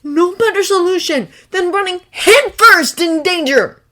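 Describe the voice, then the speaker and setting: A woman voicing a hot-tempered teenage boy wizard, sarcastic and often yelling. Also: expressive, unhurried, full character voice. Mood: bitter. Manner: yelling, sarcastic, high and strained.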